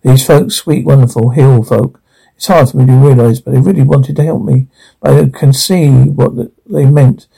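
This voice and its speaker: A man's voice: mid-range voice, fairly even intonation, moderate pace, creaky, dark tone, breathy edge, low-quality recording. An actor playing a fussy, sentimental middle-aged businessman in a cartoon, speaking in a gushing, overwrought way. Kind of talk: cartoon voice acting.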